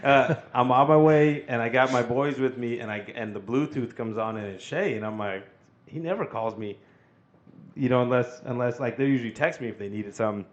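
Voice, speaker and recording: A man's voice: mid-range voice, fairly quick, lo-fi sound. A man co-hosting a firefighter podcast, giving earnest advice about academy life in casual chat. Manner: earnest, emphatic, acts out quoted voices.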